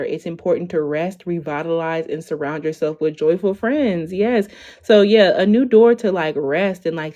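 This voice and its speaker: A woman's voice: fairly low pitch, mellow, dull audio. A woman in her twenties giving a casual tarot reading on a stream, chatty, tagging "okay?" onto her lines. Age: 20s. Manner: chatty, ends lines with "okay?", lots of "like" and "y'all". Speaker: tarot reader.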